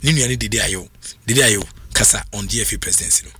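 A man with a Ghanaian accent presenting football talk on radio, animated, switching between languages. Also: lowish voice, quick pace, noisy background. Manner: animated, mixing languages, frequent laughs. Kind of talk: radio sports commentary.

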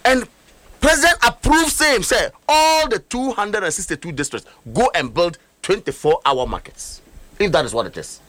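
A high-voiced middle-aged man with a Ghanaian accent delivers heated political commentary, swinging his pitch widely. He is emphatic and fond of rhetorical questions. His voice sounds dry and close. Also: expressive, normal speed, a bit bright, dry recording. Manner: emphatic, rhetorical, switches between languages.

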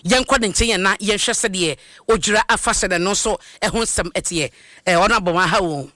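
A studio presenter with a Ghanaian accent, hosting a broadcast in a lively way and handing over to reporters. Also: medium pitch, moderate pace, no echo.

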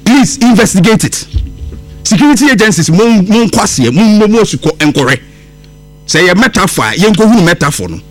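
A Ghanaian radio host, a man whose pitch sits high and swings widely as he argues. He talks in an emphatic, indignant way, hammering points through repetition. Soft music plays faintly under his voice in the studio. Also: very animated, moderate pace. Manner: emphatic, indignant, repeating himself for stress. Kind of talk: radio political commentary in Twi and English.

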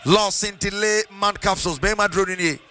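A man with a Ghanaian accent calling a football match live on radio, in a sing-song, excitable delivery that mixes English with Twi. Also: high-pitched, a little fast, slight background noise. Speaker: play-by-play commentator.

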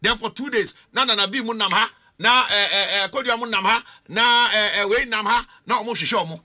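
A man's voice: high voice, fairly quick, pushed and bright. A man with a Ghanaian accent, a political commentator on a studio panel, arguing with rhetorical questions and switching between English and Twi.

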